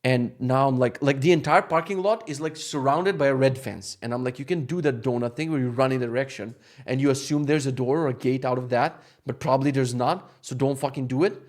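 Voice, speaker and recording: A young man telling a travel mishap story in a casual rant, exasperated and swearing, with animated bursts of frustration. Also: mid-range voice, fairly quick. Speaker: vlogger.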